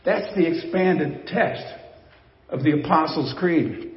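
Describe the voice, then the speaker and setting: A man's voice: fairly high pitch, slow. An older man, a pastor, preaching a sermon in a conversational way, asking the congregation questions. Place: church sanctuary. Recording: echoey church hall, slightly dull.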